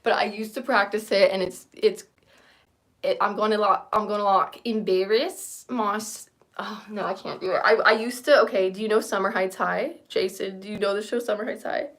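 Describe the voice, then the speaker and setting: A woman's voice: medium pitch, steady tone, moderate pace. A woman in her thirties hosting a casual livestream chat, rambling and self-deprecating and often laughing. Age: 30s. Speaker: livestream host.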